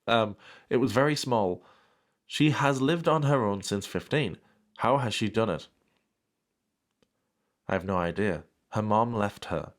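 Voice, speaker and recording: Low-voiced guy reading a story out loud, keeps cutting in with dry sarcastic jokes. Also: unhurried, pauses often. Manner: dry sarcastic interruptions, mock outrage. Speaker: commentary host reading a fan story. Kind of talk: comedic reading with sarcastic asides.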